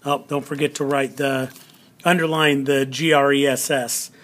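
A man's voice: medium pitch, level tone, moderate pace, a bit bright. A man teaching a classroom lesson on video, patient and explaining step by step, repeating key words for emphasis.

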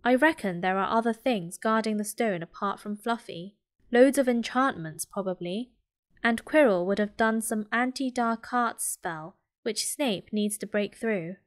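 A woman with a British accent voicing a breathless, urgent schoolboy in a soft whispered role-play. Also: sits high, a little slow. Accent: British English. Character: brave young schoolboy, urgent.

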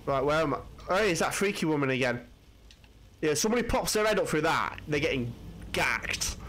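A man with commenting on a video game he is playing, excitable, jumpy and swearing often. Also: on the high side, fairly quick. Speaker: gaming channel host. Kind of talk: let's-play commentary.

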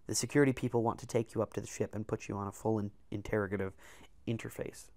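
A man reading aloud and voicing a short, heavy, weary old king who talks softly in a hushed, half-whispered way. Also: on the low side, steady tone, fast talker, no echo, close to an everyday voice. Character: short fat old male king, soft-spoken and weary. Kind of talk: dramatic reading of a novel.

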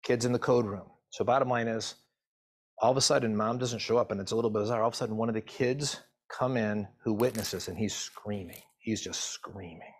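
Husky middle-aged man telling a story. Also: lowish voice. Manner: emotional, halting storytelling. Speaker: physician assistant and medical educator. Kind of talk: personal story told to camera.

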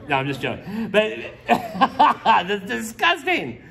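Animated high-voiced man teaching scripture. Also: slow pace, creaky, crowd noise. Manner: playful, jokes with the audience and acts out characters' lines. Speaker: pastor teaching a Bible study. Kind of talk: casual verse-by-verse Bible teaching.

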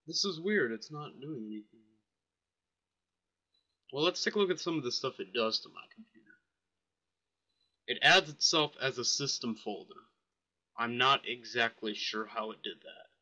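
A man casually demonstrating software while thinking aloud, offhand and a bit puzzled. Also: medium pitch, expressive, normal speed, long pauses. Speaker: software reviewer. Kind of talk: casual screen-recorded software demo.

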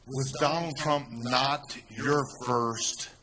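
A man with a Texan accent telling a story in a speech to a crowd, rising to loud, emphatic peaks. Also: medium pitch, steady tone, drawn-out words. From Texas. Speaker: speaker at a rally.

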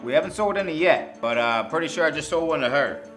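A brash, foul-mouthed man with a thick Boston accent delivers a comedy sales pitch. His pitch climbs and swings all over the place, and music plays clearly underneath him. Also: expressive, fast. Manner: brash, crude and boastful. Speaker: inventor pitching to investors.

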